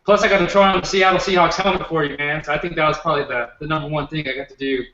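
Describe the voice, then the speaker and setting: A man's voice: a little high, fairly even intonation, racing, sharp tone, a little hiss or hum. A man, a guest on a casual video call, upbeat with laid-back slang. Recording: echoey distant call audio, lo-fi.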